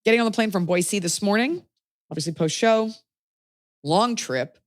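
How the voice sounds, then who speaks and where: A woman's voice: medium pitch, normal speed, no echo. A woman in her forties hosting a podcast, telling stories in a casual chat and acting out the people she quotes. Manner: animated, acts out quotes in shifting voices. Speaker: podcast host.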